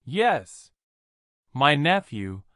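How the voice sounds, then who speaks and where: A man reading an audiobook voices a calm elderly male professor who speaks in a measured, smiling, coolly provoking way. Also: fairly high pitch, no echo, studio quality, full character voice. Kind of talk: audiobook character voice.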